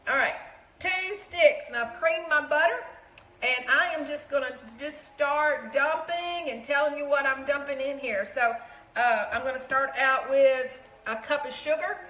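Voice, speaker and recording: Folksy Southern woman hosting a live baking stream; chatty, bright, in a roomy kitchen. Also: sits high, moderate pace, dull audio. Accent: Southern American. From Tennessee. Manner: chatty, folksy, greets viewers by name. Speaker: shop owner hosting a live cooking stream. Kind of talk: casual live cooking chat.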